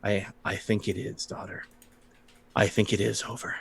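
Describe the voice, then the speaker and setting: Man playing a stoic grieving lord, quiet halting speech, dry close sound. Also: on the low side, steady tone, dry recording, close to an everyday voice.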